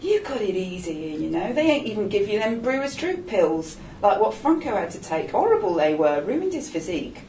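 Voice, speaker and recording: A woman's voice: medium pitch, sing-song, moderate pace, hardly any pauses, mellow, slight background noise. A woman doing a cheeky man, streetwise. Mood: rueful. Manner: cheeky, coaxing, slangy. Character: streetwise older gay man, wry and bossy. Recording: roomy echo, distant mic.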